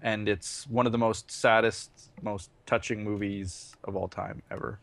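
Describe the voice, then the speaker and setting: A man's voice: lowish voice, steady tone, measured pace, vocal fry, a bit bright. A young man teasing his friends in casual chat while they play a game.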